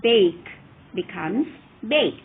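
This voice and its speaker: A woman teaching English verb forms in a careful, deliberate way, stressing each example word. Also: medium pitch, expressive. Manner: clear, careful enunciation with rising emphasis on examples. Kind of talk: slow, deliberate grammar lesson. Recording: phone-like narrow audio with faint hiss.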